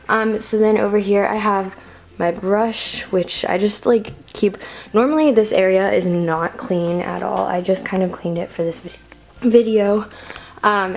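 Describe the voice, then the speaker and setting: A woman's voice: medium pitch, vocal fry, a little mellow. A teenage girl giving a rambling, filler-heavy room-tour vlog to a handheld camera in her bedroom. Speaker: vlogger.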